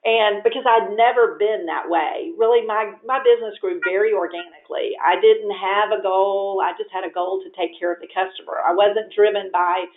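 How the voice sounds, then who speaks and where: Woman, real estate agent, lively chatty storyteller, thin phone-like sound, echoey room. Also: mid-range voice, normal speed, hardly any pauses. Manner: lively storyteller, many fillers. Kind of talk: conversational webinar interview. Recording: tinny phone-like echoey audio.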